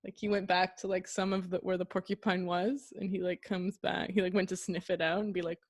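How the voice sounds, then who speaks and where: A woman guest chatting casually and telling lively anecdotes, acting out her dog's thoughts. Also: lowish voice, brisk. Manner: lively storyteller who mimics her dog.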